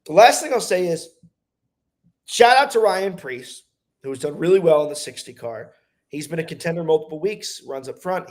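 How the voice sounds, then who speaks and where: A man co-hosting a casual racing talk show, giving emphatic, animated opinions. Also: a little high. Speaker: co-host. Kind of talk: casual racing podcast chat.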